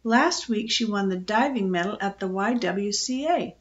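A woman's voice: mid-range voice, moderate pace, lo-fi sound, lightly acted. A woman voicing a friendly neighbor mother who chats reassuringly.

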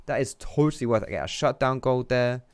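A young man giving casual, excitable gameplay commentary, chatty and swearing freely. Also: medium pitch, fast talker, clean tone. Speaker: gaming YouTuber.

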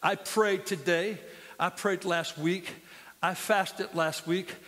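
A man's voice: high-pitched, fairly even intonation, takes it slowly, a bit bright, in a large hall. A man preaching a sermon as pastor, impassioned and full of storytelling, in a church sanctuary.

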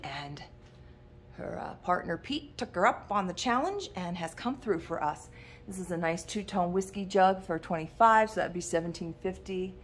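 A woman's voice: medium pitch, slight background noise. A middle-aged woman touring an antique shop, chatting casually and rambling into asides between prices. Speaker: antique shop owner giving a tour. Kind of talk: casual walkthrough vlog.

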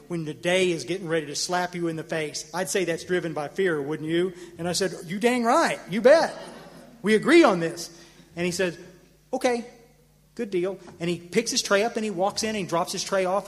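A middle-aged man with a fairly high voice, telling a long personal story to a convention crowd. He stammers through restarts, jumps up sharply for the punchlines and sinks low for the quiet moments. The voice is caught with a long hall reverb. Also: fast, few pauses. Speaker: AA convention speaker. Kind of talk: personal recovery story told to an audience.

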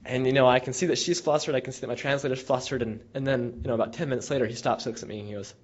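A man's voice: mid-range voice, very fast, husky. A young man, a former field researcher, casually telling students an anecdote in a rambling way, with many restarts and fillers. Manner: rambling, with many restarts and fillers, animated when retelling dialogue. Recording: dull lo-fi recording.

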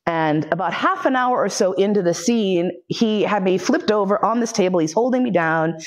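A woman's voice: mid-range voice, animated, normal speed. Frank, profane woman telling a story. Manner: frank and profane, acts out quoted voices. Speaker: lecturer. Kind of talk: personal storytelling in a lecture.

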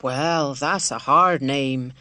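For this audiobook, a woman pushes her voice down into a very deep, slow, sharp-toned register to give a full character voice. She plays a kindly, simple, devout village wife in middle age, speaking earnestly and motherly in homely country dialect. The recording is dry.

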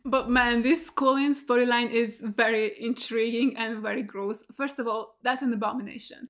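A woman hosting a TV reaction video, excitable and swearing often. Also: a little high. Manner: excitable, swears a lot, screams at jump scares. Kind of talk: casual reaction commentary.

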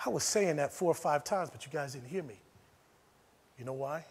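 A man's voice: on the high side, normal speed, slight background noise. A man with an American accent, a pastor preaching a sermon, moving from near-whispers to emphatic preaching. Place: church sanctuary. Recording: long church hall reverb.

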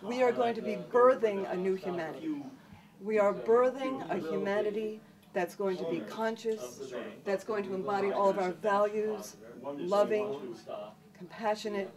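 A woman giving a fervent, declarative inspirational speech. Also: mid-range voice.

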